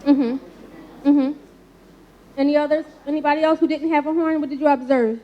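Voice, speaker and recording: On a lo-fi recording with a little hiss or hum, a woman with a high, steady voice speaks at normal speed to a live audience about mental health. Her folksy, colloquial style invites call-and-response, with frequent "right?" tags.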